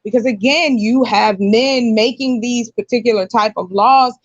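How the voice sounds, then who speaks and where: A woman's voice: a little high, moderate pace, no room sound. A woman speaking frankly and animatedly as a guest in a live panel discussion, over muffled call audio.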